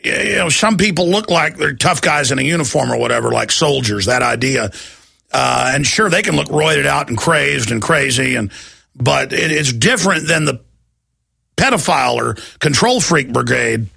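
Raspy, heated talk radio man. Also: mid-range voice, lively intonation, moderate pace, sharp tone, no echo, studio quality. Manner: heated, repetitive, mocking impressions. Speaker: radio talk show host. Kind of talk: ranting talk radio monologue.

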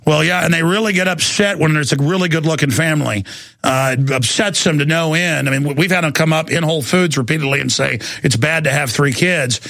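A man's voice: a little high, a little fast, gravelly, a bit bright, dry recording. A middle-aged man hosting a talk radio show, ranting heatedly and often stammering and repeating his words.

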